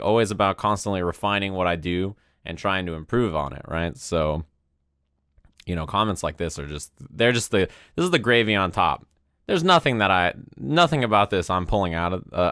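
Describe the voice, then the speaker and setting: Man, twenties, casual stream chat, rambling, profane, lowish voice, dry close mic. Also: lively intonation, brisk, a bit bright, smooth, no room sound. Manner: laid-back, profane, rambling with frequent "right?". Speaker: streamer and fighting game commentator. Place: home room with a window.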